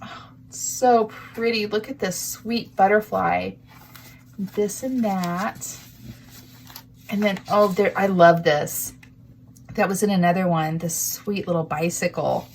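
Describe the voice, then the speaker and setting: A woman's voice: medium pitch, slow pace, pauses often, a little hiss or hum. A woman hosting a crafting vlog, gushing with emotion and near tears as she shows off handmade gifts to the camera. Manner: gushing, sentimental, breathy asides. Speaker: crafting channel host.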